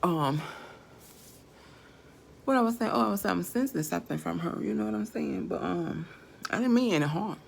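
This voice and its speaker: Gravelly woman ranting profanely. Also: on the low side, expressive, normal speed, pauses often, a little hiss or hum. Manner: profane, swings from quiet muttering to shouting. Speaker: vlogger. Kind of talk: rambling online monologue.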